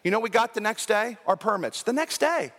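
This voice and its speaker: A man's voice: sits high, lively intonation, a little fast, a bit bright, big-room sound. A man preaching a sermon to his congregation in a church, repeating words and asking them questions. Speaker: pastor. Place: church sanctuary.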